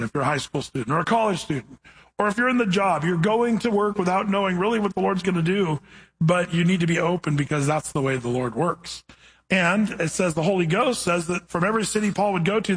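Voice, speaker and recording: A man's voice: high-pitched, fairly bright tone, breathy edge, poor audio. A man preaching a conversational sermon, telling stories as he teaches from scripture. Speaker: pastor.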